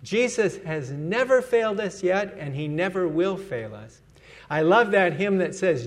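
A man's voice: sits high, expressive, measured pace. A man preaching a sermon as pastor, earnest and emphatic, letting his voice fall at the end of each phrase.

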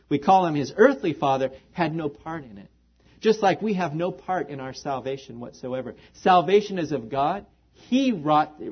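A man's voice: on the high side, breathy edge. A man preaching a sermon as pastor, earnest and full of rhetorical questions to the congregation. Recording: dull lo-fi recording.

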